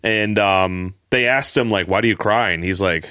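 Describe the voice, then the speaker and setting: Low-voiced man telling animated stories. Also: normal speed, clear, resonant tone, dry recording, studio quality. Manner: animated storyteller, swears often. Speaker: podcast co-host. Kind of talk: casual chat.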